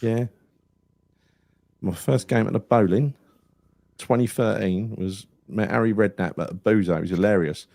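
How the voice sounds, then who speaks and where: A man's voice: on the low side, moderate pace, creaky, long pauses, no echo. A man, a podcast host rambling through anecdotes in casual chat and acting out the people in his stories. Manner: rambling anecdotal storyteller, animated retelling with quoted voices.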